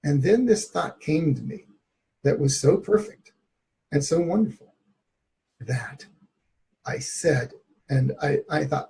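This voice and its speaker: Gravelly, higher-pitched man telling his story. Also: lively intonation, slow, long pauses, dark tone. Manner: candid, reflective, laughs as he tells it. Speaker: therapist guest. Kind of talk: personal storytelling in an interview.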